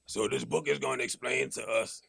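Low gravelly guy on a podcast, breaking it down, dry sound. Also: steady tone, a little fast, a bit bright, no room sound. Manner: explains at length. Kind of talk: casual podcast chat.

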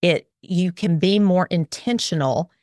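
A middle-aged woman giving parenting advice in an interview, animated and acting out what parents and kids say. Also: fairly low pitch, unhurried, no echo, studio quality. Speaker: parenting expert guest. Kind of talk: podcast interview.

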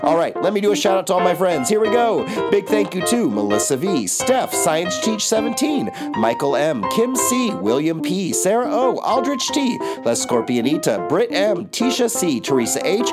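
A woman's voice: fairly low pitch, very animated, moderate pace, hardly any pauses. A woman reading sponsor ads and patron thanks for a podcast intro in an upbeat, enthusiastic way. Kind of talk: scripted podcast intro and ad read. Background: guitar music.

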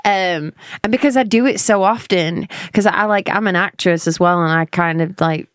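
A woman's voice: on the low side, no room sound, studio quality. A young English woman with an English accent, chatting playfully as a guest and laughing often. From England. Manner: quick, giggly, playful. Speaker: singer and guest. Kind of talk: casual interview chat.

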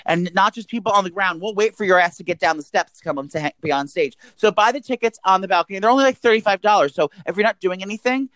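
A man's voice: high-pitched, fairly bright tone, no room sound. A young man co-hosting a podcast, campy and crude, rambling in casual chat. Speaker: podcast co-host.

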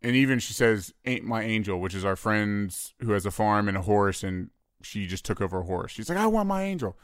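A man in his thirties co-hosts a podcast, telling stories with lively mimicry. His voice is lowish and smooth, close and dry on the mic. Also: fairly quick, no echo. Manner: animated storyteller, mimics voices. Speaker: podcast co-host. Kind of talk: casual chat.

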